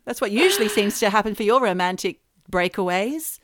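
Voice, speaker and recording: A woman co-hosts a casual podcast, teasing her partner with a playful manner. Her pitch swings widely as she talks. The recording is close and dry. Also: animated, brisk, no room sound. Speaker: podcast co-host. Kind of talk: casual chat.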